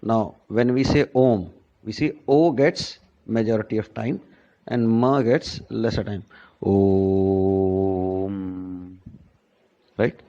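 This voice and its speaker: A man giving a classroom lesson on pronunciation, deliberate and repetitive, often checking in with "right?". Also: mid-range voice, mellow, muffled recording. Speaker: English teacher.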